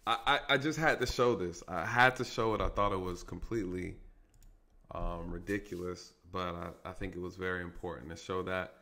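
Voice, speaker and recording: A man's voice: deep voice, fairly even intonation, brisk, sharp tone. A man who is a police officer giving casual commentary on an arrest video, talking conversationally and often checking in with "right?" and "you guys".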